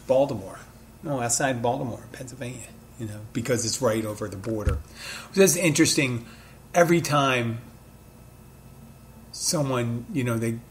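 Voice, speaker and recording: Guy w a mid-atlantic accent, bit of philly in it, rambling along about his bar, mid pitch, faint hum behind. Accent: mid-Atlantic with a light Philadelphia touch. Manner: rambling, conversational, self-correcting asides. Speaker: bartender podcast host. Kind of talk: casual solo storytelling.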